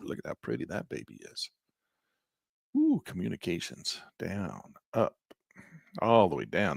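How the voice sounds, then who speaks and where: A hoarse man who keeps clearing his throat, thinking aloud as a trading instructor while he walks through placing trades in a live session. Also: deep voice, no echo, clean studio sound.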